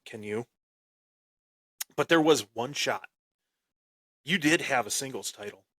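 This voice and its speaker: A man hosting a wrestling podcast and telling a story with boastful heel bravado. He breaks into sudden loud bursts and often repeats and restarts his phrases. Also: medium pitch, lively intonation, a little slow, dry recording. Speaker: podcast host.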